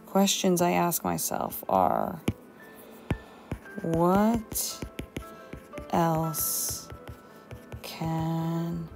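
A woman's voice: fairly low pitch, sing-song, extremely slow, creaky, long pauses, music in the background. A woman teacher thinking aloud as she writes a journal entry for her students, musing and talking to herself. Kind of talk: thinking aloud while writing a journal demo.

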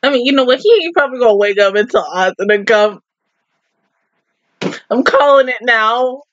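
A young woman, reacting to an anime episode from home. Her voice is high and bounces all over the place as she talks straight to the characters, swearing and getting worked up. The sound is dry and a little dull, close on the mic. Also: expressive, normal speed, a bit bright, no room sound. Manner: emotional, swearing, talking to the screen. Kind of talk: casual reaction commentary.

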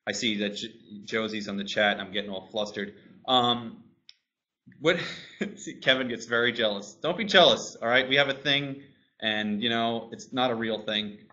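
Man, host, bright tense voice, rambling questions, dull lo-fi sound. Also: fairly low pitch, fairly even intonation, normal speed. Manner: rambling, self-interrupting questions. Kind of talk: casual panel discussion.

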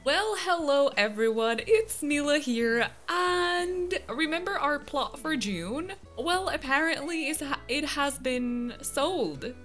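Young woman vlogger, high and very lively voice, exasperated game commentary with frequent laughter, light music underneath. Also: slow, hardly any pauses. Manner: exasperated, dramatic, laughing often. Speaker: gaming vlogger.

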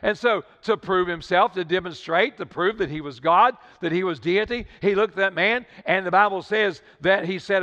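An older man preaches a sermon as a pastor in a church sanctuary, his high, pushed, bright voice moving at a normal pace with few pauses. He builds his point through Southern-style repetition, stammering and restarting phrases. The livestream audio is dull, with long hall reverb.

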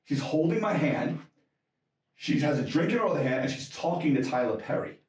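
A man hosting a podcast, telling lively, jokey anecdotes in a casual chat. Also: a little high, a little fast. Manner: animated, jokey anecdote teller. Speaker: podcast host. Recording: echoey room, mic far off.

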